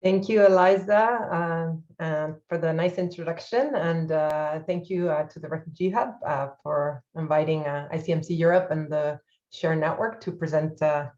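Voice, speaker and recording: A woman's voice: deep voice, normal speed, darkish tone. Hesitant woman presenting policy work. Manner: hesitant, many "uh" fillers. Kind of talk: presentation in an online workshop. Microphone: video call. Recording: muffled video-call audio.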